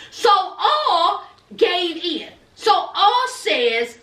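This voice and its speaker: A woman's voice: very high voice, sing-song, takes it slowly, bright, forceful tone. A woman recapping a reality TV episode for her viewers, sassy and dramatic, calling them honey and y'all. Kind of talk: casual commentary to viewers. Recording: echoey room, mic at a distance.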